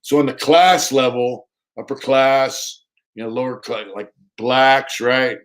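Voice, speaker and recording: Taking his time, this man hosts a casual livestream in a medium-pitched voice with fairly even intonation. He wanders from point to point, says things more than once, reads out the chat, and chats with his dog between comments.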